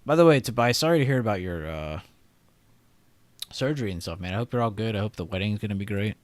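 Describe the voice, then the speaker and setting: A man's voice: lowish voice, lively intonation, fast talker, no echo. A young man hosting a live trading stream, chatting casually, reading comments and laughing often. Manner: chatty, reads chat aloud, laughs often. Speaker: livestream trading host.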